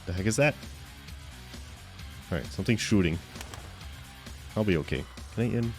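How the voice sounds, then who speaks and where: A man's voice: sits low, animated, normal speed, darkish tone, soft background music. A man streaming a game live, chatting with viewers in playful, mock-offended banter with stammering restarts.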